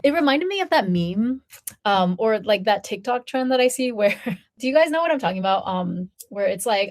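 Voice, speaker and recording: A woman's voice: mid-range voice, lively intonation, brisk. Woman in her 30s vlogging, chatty storytelling, lots of "like", does little voices for quotes. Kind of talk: casual storytelling to viewers.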